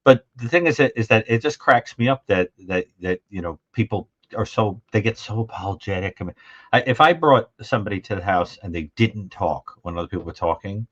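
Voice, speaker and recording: A man who is a guest on a live talk stream, chatting casually, quick to jump in over others and wander into tangents. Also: on the low side, expressive, husky. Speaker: guest commentator. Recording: lo-fi muffled audio.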